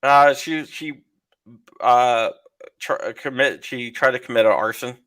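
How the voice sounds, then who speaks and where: A man's voice: medium pitch, takes it slowly, fairly bright tone. A man as a guest in a casual political chat, hesitant and trailing off, laughing along.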